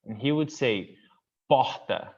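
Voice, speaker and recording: A young man with a Brazilian Portuguese accent speaks English as a second language, eager and loose, full of fillers and quick restarts. His voice sits at an ordinary middle pitch for a man. The video call audio sounds muffled and lo-fi. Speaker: international student guest. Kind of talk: casual interview chat.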